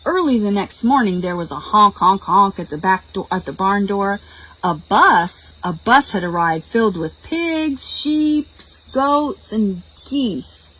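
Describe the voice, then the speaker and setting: A woman reading a picture book aloud to preschool children in a slow, expressive storytime voice and stopping to explain words. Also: mid-range voice, rough recording. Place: public library.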